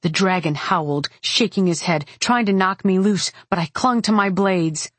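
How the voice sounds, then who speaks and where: A woman narrates a first-person fantasy audiobook with intense, dramatic delivery. Her voice sits a little low and a touch husky, and the pace is unhurried. The recording is close and dry. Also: no echo. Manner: intense, dramatic reading with cries in character.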